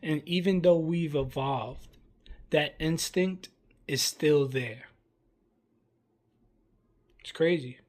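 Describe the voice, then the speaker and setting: A man hosting a vlog, giving earnest, measured commentary in short plain phrases. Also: fairly high pitch, darkish tone. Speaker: commentary vlogger. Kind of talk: reflective commentary.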